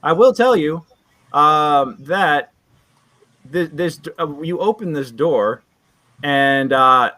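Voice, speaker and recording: A man's voice: a little high, animated, slow pace, sharp tone. A man acting as dungeon master in a live online tabletop game, talking loosely with many restarts and laughs.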